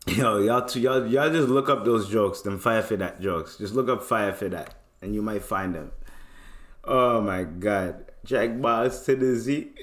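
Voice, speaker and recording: A man's voice: on the low side, unhurried, a bit bright, roomy sound. A man with a Toronto accent hosting a podcast, rambling in casual chat and laughing often. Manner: laughs a lot, slangy and rambling. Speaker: podcast host.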